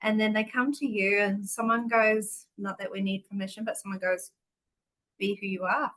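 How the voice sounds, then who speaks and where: A woman's voice: mid-range voice, fairly even intonation, moderate pace, fairly bright tone, poor audio. A woman hosting a casual podcast interview, affirming and effusive toward her guest. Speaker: podcast host.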